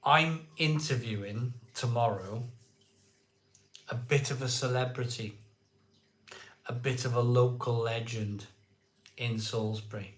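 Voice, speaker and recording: An excitable man hosting a casual live stream, chatting with viewers, repeating himself and laughing often. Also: medium pitch, measured pace, pauses often, roomy sound. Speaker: live-stream beer show host. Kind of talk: casual live chat reading viewer comments.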